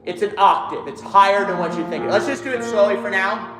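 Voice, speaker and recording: Choir director in an echoey hall. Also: male voice, sits high, fairly quick, music in the background. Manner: demonstrates lines by singing, counts in. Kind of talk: choir rehearsal coaching.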